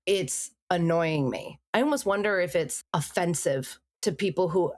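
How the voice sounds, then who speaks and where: A woman's voice: fairly low pitch, moderate pace, few pauses. A woman co-hosting a casual TV recap chat, blunt and opinionated. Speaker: podcast co-host.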